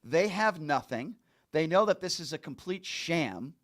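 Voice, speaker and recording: Fired-up guy ranting about politics, voice swinging all over, slightly high. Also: animated, a little slow, fairly bright tone. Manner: angry, insulting, heavily emphatic. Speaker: political commentary host. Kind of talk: political commentary rant.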